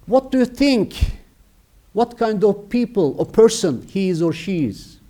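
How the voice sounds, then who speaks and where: A middle-aged male teacher with a Turkish accent, high-pitched for a man. He talks slowly and emphatically, repeating key words as he walks students through a grammar lesson. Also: lively intonation, a little mellow. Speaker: English teacher.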